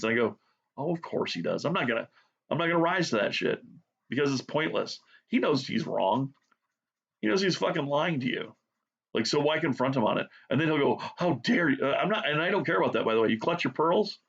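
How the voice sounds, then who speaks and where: A man's voice: a little high, vocal fry, fairly bright tone, slightly rough, muffled recording. A man from the United States ranting bluntly and sarcastically, swearing constantly. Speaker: art vlogger. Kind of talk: profane rant while drawing.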